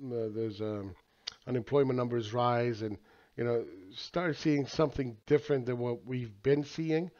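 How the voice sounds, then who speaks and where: A man's voice: mid-range voice, darkish tone. Brief: man with a mid-range voice, casual market commentator, rambling and profane, slightly dull lo-fi recording. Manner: rambling, profane, with filler words and laughs. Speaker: market analyst.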